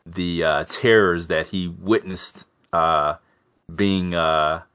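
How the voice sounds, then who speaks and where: A man voicing a weary adventurer who talks slowly and hesitantly, with many fillers. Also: low voice, steady tone, a bit bright, clear, resonant tone, pitched below the performer's own voice. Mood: grave.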